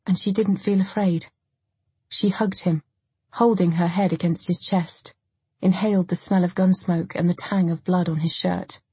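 Close, dry sound with no echo carries a woman's low, husky, very breathy voice as she narrates a dark story for an audiobook. The scripted reading stays steady and measured.

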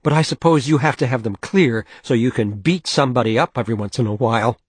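A man voicing a young woman who is furious and indignant, speaking in a sharp, accusing way with his voice pitched up. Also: normal speed, husky, dry recording, close to an everyday voice. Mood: angry, accusing.

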